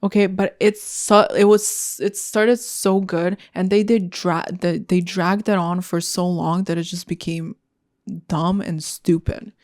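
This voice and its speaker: A woman's voice: fairly low pitch, steady tone, unhurried, a little mellow. A young woman hosting a solo podcast, ranting in a blunt, heated and profane way. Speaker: podcast host. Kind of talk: casual solo podcast rant.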